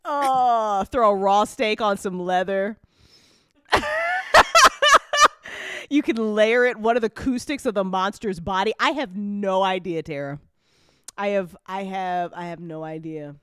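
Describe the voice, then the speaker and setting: A woman hosting a casual after-show chat, talking in an animated way and laughing often. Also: mid-range voice, a little slow, pauses often, clear, resonant tone. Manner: giggly, animated, frequent laughter. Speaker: host and show creator. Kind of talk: casual chat after a live listen party.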